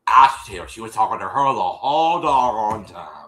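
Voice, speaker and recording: A man hosting a show, recapping an episode in casual chat, animated and full of fillers, with a cough. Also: on the low side, a little fast, reverberant, poor audio. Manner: animated, lots of fillers and repeats, acts out quotes.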